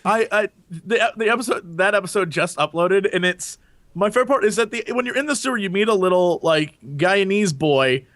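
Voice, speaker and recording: A man co-hosting a casual gaming podcast, animated and quick to mimic characters. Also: dry recording, clean studio sound. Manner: animated, mimics characters in high squeaky voices. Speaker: podcast co-host. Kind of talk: casual chat.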